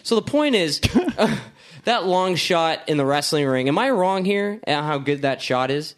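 A man chatting on a podcast, excited about a movie and laughing easily between his points. His pitch swings widely as he talks, which keeps his speech bouncy and animated. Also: normal speed. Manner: enthusiastic, laughing, profane. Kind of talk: casual movie-review chat.

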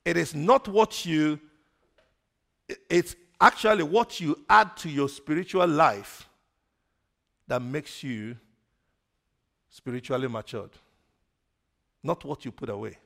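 A man preaching a sermon, putting questions to the congregation for them to answer and swinging between loud emphasis and quiet asides. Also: on the high side, lively intonation, slow pace, vocal fry, pauses often. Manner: call-and-response questions to the congregation.

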